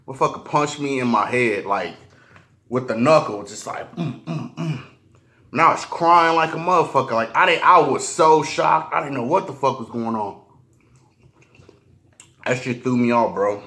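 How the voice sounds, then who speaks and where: A man's voice: mid-range voice, pushed and bright. A man telling a personal story while eating on camera, slangy and profane, often stopping and restarting. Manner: halting, restarts a lot. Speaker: mukbang vlogger.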